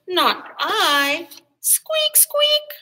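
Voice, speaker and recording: A woman voicing a tiny, lazy rat who refuses with very high, breathy squeaks. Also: sing-song, drawn-out words, background noise, exaggerated voice. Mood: refusing.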